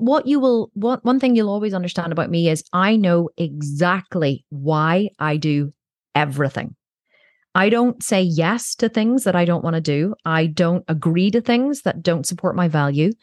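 Woman on a podcast, lowish voice, dry close sound, chatty and frank, swears a bit. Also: dry recording. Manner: candid storytelling, casual swearing. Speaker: podcast guest. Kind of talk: conversational podcast interview. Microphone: own podcast microphone.

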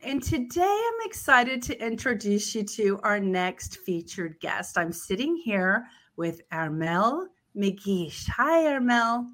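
Slow-talking upbeat woman podcast host. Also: medium pitch, big pitch swings, a bit bright. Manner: chatty and upbeat, laughs often. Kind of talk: friendly interview chat.

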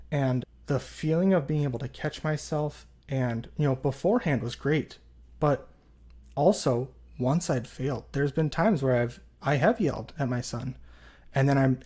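A man in his thirties speaks as a podcast guest, earnest and reflective. His voice sits at a middle pitch, and he talks in a relaxed, unscripted way with frequent fillers. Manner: earnest, reflective, many "you know" fillers. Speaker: podcast guest, jail chaplain. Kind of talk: casual interview talk.

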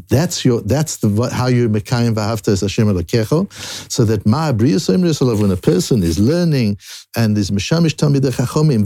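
A man's voice: mid-range voice, no echo. A man teaching a Daf Yomi Talmud lesson, with restarts and rising emphasis on key points. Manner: animated rising emphasis, frequent restarts, Hebrew and Yiddish terms.

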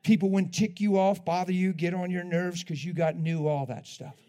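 A man preaching a sermon in an animated way, laughing often and swinging between loud, drawn-out lines and hushed ones. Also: high-pitched.

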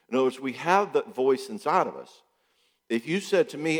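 A middle-aged psychologist in a large hall talks a little fast in a medium-pitched voice, keeping his take on relationships casual. Animated throughout, he acts out quotes in voices, fires rhetorical questions, and repeats key points for emphasis.

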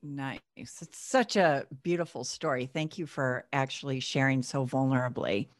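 A woman's voice: extremely low pitch, normal speed, dry recording, studio quality. A woman hosting a podcast interview, upbeat and chatty, laughing often. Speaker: podcast host.

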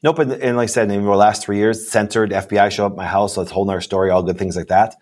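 A man's voice: fairly low pitch, little pitch movement, rapid-fire, a little mellow. A man speaking as a guest doctor in a casual interview, rambling and emphatic, often asking "you know what I'm saying".

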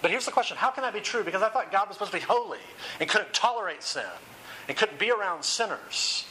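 A man preaching a sermon in a quick, casual way, asking rhetorical questions and joking aside, then reading a story aloud. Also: high voice, expressive, bright, forceful tone, a little hiss or hum, poor audio. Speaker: pastor.

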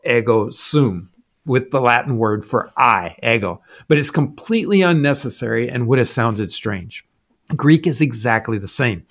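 Man, podcast co-host, scripted Bible study, explanatory, emphatic, mid pitch.

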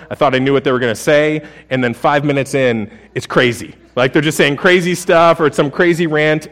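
A man in his thirties preaching a sermon as pastor, conversational and humorous, with frequent restarts. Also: fairly high pitch.

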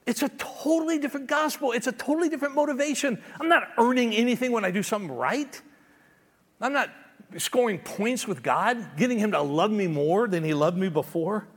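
High-voiced emphatic male preacher. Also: expressive, a little fast, long reverb tail. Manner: emphatic, conversational, stammers on restarts. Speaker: pastor. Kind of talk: sermon.

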